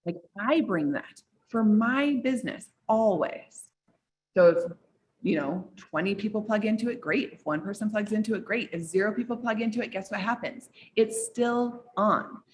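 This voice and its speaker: A woman business coach telling a personal story to a group, animated and full of "like", with big jumps up in pitch. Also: moderate pace, slight background noise.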